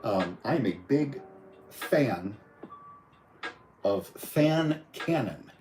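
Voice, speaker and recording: A man's voice: medium pitch, expressive, extremely slow, a little mellow, soft background music, low-quality recording. A man casually reviewing toys on a live stream, rambling and chatty with lots of fillers. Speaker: toy reviewer.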